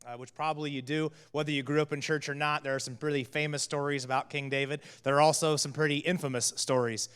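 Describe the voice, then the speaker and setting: A man's voice: on the high side, little pitch movement, fast, few pauses, a bit bright, smooth. A man who is a teaching pastor, giving a sermon in a casual storytelling way with many fillers. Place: church hall. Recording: long church hall reverb.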